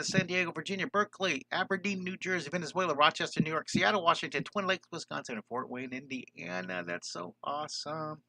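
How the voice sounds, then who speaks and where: A man's voice: on the high side, expressive, moderate pace, few pauses, bright, forceful tone, dry recording, poor audio. An older man, an enthusiastic drawing teacher, chatting with viewers and greeting them by name during a live-streamed lesson.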